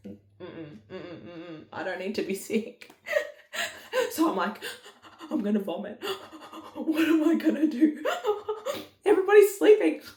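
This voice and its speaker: A low-voiced woman tells a story in a casual, candid way, swearing freely and acting out her own past lines. Her pitch swings widely as she talks. The recording has a noticeable room echo. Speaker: mother telling her birth story. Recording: echoey room.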